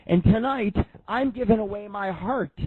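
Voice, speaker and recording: Male radio host, 30s, rambling and foul-mouthed, a bit high-pitched, dry tinny phone sound. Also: moderate pace, slightly rough, dry recording. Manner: profane, rambling, storytelling. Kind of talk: casual rambling radio monologue.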